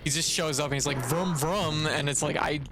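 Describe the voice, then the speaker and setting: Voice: mid-range voice, level tone, fast. A livestreamer from Canada, casually commenting on gameplay while ranting in an exasperated, profane way. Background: video game music.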